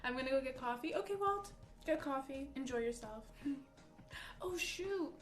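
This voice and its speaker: A young woman livestreaming from home, telling a story in a chatty, animated way full of "like" while reading chat. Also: high-pitched, moderate pace, soft background music. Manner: chatty, animated, peppers speech with "like".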